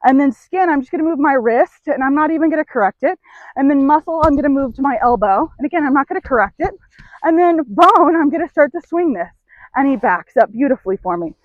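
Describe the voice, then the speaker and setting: A woman horse trainer giving a hands-on demonstration, explaining to the camera as she works a horse and softly praising it between points. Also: sits high, animated, fast, no room sound, narrow, tinny audio. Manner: talks to the camera while working a horse, with soft praise between.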